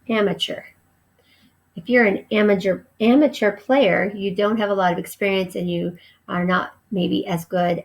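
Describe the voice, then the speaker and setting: A woman with a creaky, mid-range voice gives a slow recorded vocabulary lesson, poorly captured on audio. Each word is spelled letter by letter before she explains its meaning.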